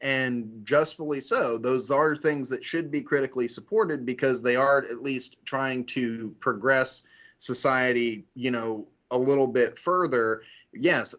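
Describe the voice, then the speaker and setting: A man in a casual political discussion who talks haltingly and fills nearly every pause with "you know". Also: mid-range voice, a bit bright. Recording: dull lo-fi audio.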